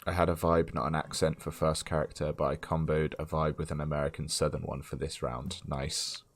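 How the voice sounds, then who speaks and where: A man's voice: a bass voice, level tone, fairly quick. A man hosting a casual game stream, chatting, laughing often and reading choices aloud.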